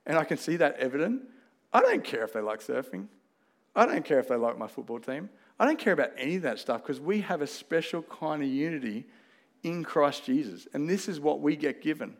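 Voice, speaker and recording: A man with an Australian accent preaching a sermon, earnest and conversational, weaving in personal stories. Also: on the high side. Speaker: pastor.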